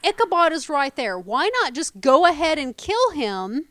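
A woman's voice: high voice, very animated, moderate pace, fairly bright tone, no echo, studio quality. A woman co-hosting a podcast, chatting casually about a TV episode with wry, jokey asides. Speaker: podcast co-host. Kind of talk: casual TV episode recap chat.

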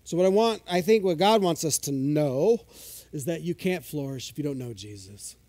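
A man's voice: fairly high pitch, animated, moderate pace, warm tone. A male pastor preaching a sermon in a conversational, self-deprecating way, eagerly unpacking the original Greek words of scripture.

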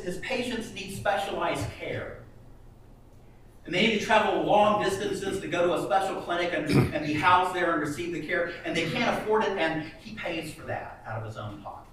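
A man's voice: high-pitched, fairly bright tone, a little hiss or hum. A male preacher telling jokes as a sermon, chuckling at his own stories, recorded far from the mic in a large echoey hall.

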